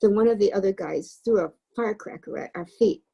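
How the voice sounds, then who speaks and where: A woman reading a novel aloud for a book club, in a gravelly, husky voice. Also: mid-range voice, brisk, mellow, dull audio.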